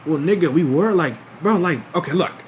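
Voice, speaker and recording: A man's voice: fairly high pitch, lively intonation, fairly quick, slight background noise. Rambling, profane young man telling a story. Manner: rambling, profane, repeats himself, slangy. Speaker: streamer. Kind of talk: casual storytelling to a live stream.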